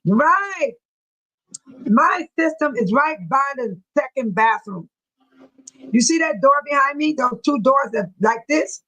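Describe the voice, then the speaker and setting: A woman's voice: sits high, animated, slow, fairly bright tone, low-quality recording. A middle-aged woman from California hosting a casual livestream from her home, chatting with viewers by name and laughing often. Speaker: livestream host. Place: home room near a bathroom.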